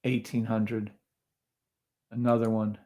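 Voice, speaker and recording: A man's voice: fairly low pitch, little pitch movement, takes it slowly, warm tone. A man hosting a live trading stream, talking casually over charts and greeting viewers in the chat, often sounding incredulous.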